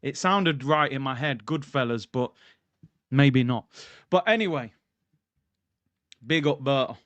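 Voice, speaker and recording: A man's voice: mid-range voice, expressive, a little slow, a bit bright, no room sound, muffled recording. A man hosting a casual football livestream, hyped, slangy and jokey. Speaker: football channel host. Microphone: streaming mic.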